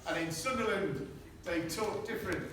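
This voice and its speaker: A middle-aged man giving an informal farewell speech to friends, halting and anecdotal, with many restarts and chuckles, recorded on a phone from across a room. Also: sits high. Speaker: retiring army medic giving a farewell speech. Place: indoor gathering in a historic hall at night. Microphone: friend's phone held at a distance. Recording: distant phone recording, very echoey room, audible noise. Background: room ambience of a gathering.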